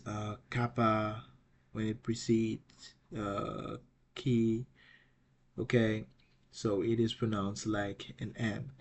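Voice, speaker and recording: A man teaching an online language lesson. He often restarts and repeats words, and he says example words loudly twice. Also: medium pitch. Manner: halting, restarts and repeats words while explaining.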